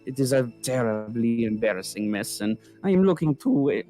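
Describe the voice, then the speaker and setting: A man's voice: medium pitch, expressive, a little fast, warm tone, close to an everyday voice. A man playing a pompous noble lord. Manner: haughty, scolding. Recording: faint music behind.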